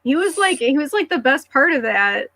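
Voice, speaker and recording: A woman guest in a casual chat, gushing warmly about people she met and filling her talk with "like". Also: high-pitched, sing-song, normal speed, no echo. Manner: gushing, filler-heavy with frequent "like".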